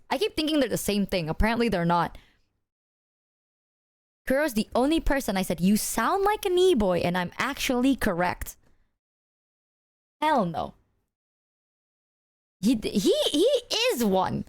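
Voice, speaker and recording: A woman's voice: on the high side, no echo, studio quality. A woman streamer chatting casually with her viewers in a loose, rambling way, full of filler words and swearing.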